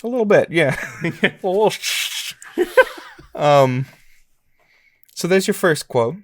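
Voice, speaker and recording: Chatty male host, slightly high voice. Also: slow. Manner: relaxed, chatty, laughs easily. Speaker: podcast co-host. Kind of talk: casual game-show chat.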